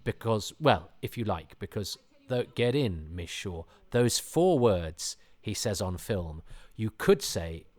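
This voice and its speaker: A man hosting a podcast, giving rambling, self-deprecating commentary with animated asides. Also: on the low side, slow. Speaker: podcast host. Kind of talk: casual commentary.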